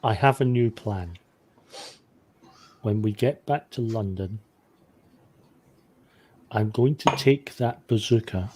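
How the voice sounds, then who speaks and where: A man's voice: on the low side, slow pace, pauses often, a little mellow, slight background noise. A man playing a tabletop game, blunt and profane with dry jokes. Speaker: player.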